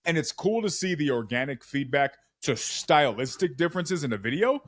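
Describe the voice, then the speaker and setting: A man chatting casually on a podcast and telling stories in a slangy, animated way. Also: on the high side, moderate pace, no room sound, clean studio sound.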